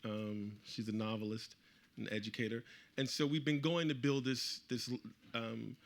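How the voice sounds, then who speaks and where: A middle-aged man speaking at a live event, telling a personal story to the audience with animated delivery and acting out the voices of the people he quotes. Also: mid-range voice, normal speed, creaky. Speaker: author speaking at a book event.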